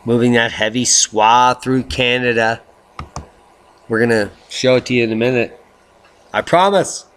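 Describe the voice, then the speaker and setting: Middle-aged male vlog host; unhurried, slow delivery, bright voice, rhyming quips. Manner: jokey, rhyming asides, theatrical swings into high baby talk. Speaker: video blogger host. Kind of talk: rambling weather commentary vlog.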